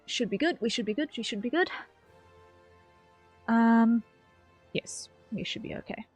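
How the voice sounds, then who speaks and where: A young woman streams from her desk mic at home, offering casual gameplay commentary while she plays, rambling and correcting herself. Her voice is on the high side with a breathy edge, her pace measured, and soft music plays in the background.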